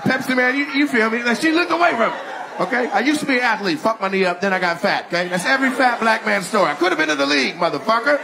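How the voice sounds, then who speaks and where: A man doing stand-up crowd work on stage, loudly teasing people in the audience and laughing as he goes. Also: very high-pitched, animated, fast talker, creaky, background noise. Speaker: stand-up comedian. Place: large theater on stage. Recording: live theater with loud crowd.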